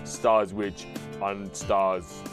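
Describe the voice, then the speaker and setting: A man voicing a laid-back old male migrant bird with a mock Jamaican accent, reading a visual novel aloud in a slow, unhurried drawl. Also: low-pitched, level tone, music in the background, pitched below the performer's own voice. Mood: musing.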